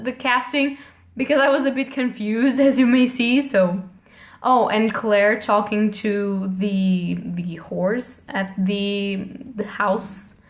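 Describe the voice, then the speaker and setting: A woman giving a casual, chatty TV episode review, talking straight to her viewers and often restarting her sentences. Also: a little high. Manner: chatty, often addresses viewers, self-corrects. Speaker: TV series reviewer. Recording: echoey room.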